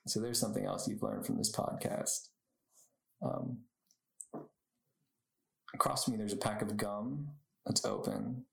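A man's voice: fairly low pitch, fairly even intonation, a little slow, vocal fry, long pauses, a bit bright. A young man hosting a podcast on his own, chatting casually, rambling off on tangents and laughing often. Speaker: podcast host. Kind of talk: casual solo podcast chat. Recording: echoey room.

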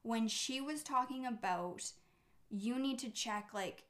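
A woman's voice: fairly high pitch, slow, a bit bright. A woman co-hosting a podcast, speaking candidly and thoughtfully in casual conversation, with the odd swear word. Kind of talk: casual chat.

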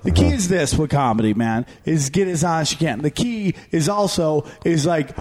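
High-voiced, profane comedian giving advice. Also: male voice, expressive, normal speed, darkish tone, soft background music. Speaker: stand-up comedian guest. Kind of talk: casual podcast interview.

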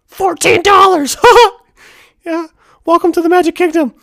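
A man putting on a high squeaky cartoon mouse voice as a greedy, foul-mouthed theme park mascot shaking people down for money. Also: steady tone, normal speed, pushed and bright, dry recording, studio quality, full character voice. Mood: mocking greedy.

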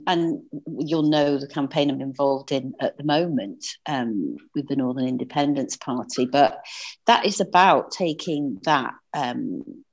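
A low-pitched woman with a Northern English accent speaks earnestly as a political campaigner in an interview, using frequent fillers and restarting her sentences.

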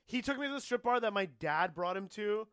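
A man's voice: sits high, animated, a little fast, a bit bright, clean tone, no room sound, studio quality. A man telling a rambling, laughing story in a casual comedy chat, using crude slang.

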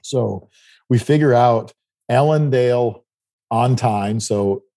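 Taking it slowly, this middle-aged South Dakotan speaks in a warm, medium-pitched voice. He chats casually through a meandering travel anecdote from the United States, restarting his sentences along the way.

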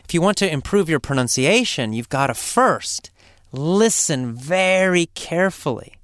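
A man gives a spoken English lesson with a lively, rising and falling voice, leaning hard on key words and slowing down for emphasis. His tone is smooth and clear, recorded close and dry with no room sound. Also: fairly high pitch, dry recording. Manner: slow, emphatic, deliberate delivery with dramatic hushed asides. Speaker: English teacher.

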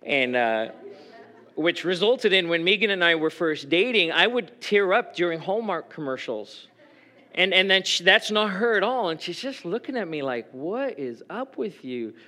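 A man's voice: high-pitched, moderate pace. A man preaching a sermon as pastor, talking in an earnest, conversational way with frequent restarts and open emotion. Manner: emotional, openly expressive.

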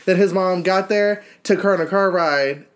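A young man co-hosting a podcast, telling profane, animated gossip stories and mocking other people's voices. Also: high voice, moderate pace. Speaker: podcast co-host. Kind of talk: casual gossip chat.

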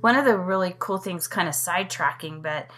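Middle-aged woman, kinda low voice, rambly storytelling on a podcast, trails off and restarts a lot. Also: fairly quick, fairly bright tone. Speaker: podcast guest, mother of the host. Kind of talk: casual chat.

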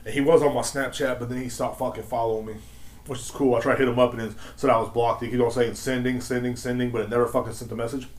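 A man's voice: mid-range voice, flat delivery, fast, echoey room, a little hiss or hum. A man in his thirties hosting a solo podcast, ranting in a swaggering, slangy, profane and mocking way. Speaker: podcast host.

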